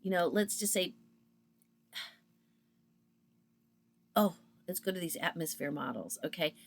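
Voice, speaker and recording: A woman's voice: fairly low pitch, measured pace, gravelly. Chatty woman telling a story. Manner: chatty, animated, acts out both sides of conversations. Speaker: vlogger. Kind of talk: casual storytelling monologue.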